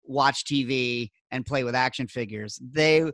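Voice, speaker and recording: A man's voice: medium pitch, measured pace, a bit bright, dry recording, studio quality. A middle-aged man hosting a podcast, telling rambling wry stories in casual chat. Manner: rambling, wry storytelling with filler words. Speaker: podcast host.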